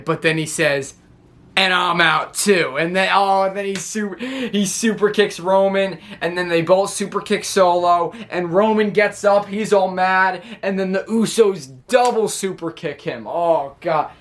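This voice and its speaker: A man with a notably high speaking voice talks straight to his viewers in a loose, chatty recap. He rambles through fillers and restarts and lights up with excitement as he retells. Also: unhurried, few pauses. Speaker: wrestling reaction vlogger. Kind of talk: casual recap to camera.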